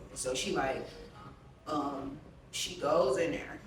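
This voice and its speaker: A woman's voice: low-pitched, measured pace, background noise. A woman being interviewed for a documentary, telling a personal story in a blunt, profane, rambling way with many fillers. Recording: very echoey room, distant mic, soft music underneath.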